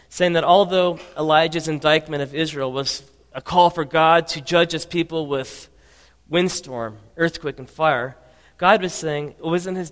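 A man preaching a sermon as pastor, dropping to soft low tones and then rising with force. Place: church sanctuary. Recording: reverberant hall.

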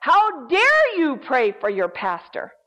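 A woman voicing a deep, menacing male demon, drawing each threat out slowly. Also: huge pitch swings, pushed and bright, long reverb tail, heavily acted. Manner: slow, drawn-out threatening delivery. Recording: dull lo-fi recording.

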